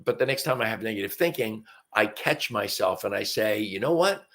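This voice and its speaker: A man's voice: fairly low pitch, a little fast, fairly bright tone. A man in his seventies hosting a live stream, talking in an earnest, folksy way with fillers and restarts, a bit sniffly from allergies. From North Carolina. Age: 70s. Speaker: host. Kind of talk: casual talk on a live stream. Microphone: webcam live stream.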